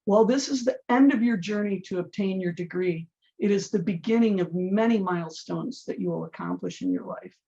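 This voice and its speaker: Gravelly woman giving an encouraging address. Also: medium pitch, brisk, mellow. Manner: earnest, encouraging. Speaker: program speaker at a graduation. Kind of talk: scripted address. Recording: dull lo-fi sound.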